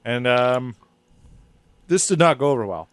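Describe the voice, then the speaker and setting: A man's voice: medium pitch, expressive, measured pace, clean tone, dry recording. A man hosting a comedy history podcast, reading from his script in a rambling, laughing, swearing way. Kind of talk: casual comedic history chat.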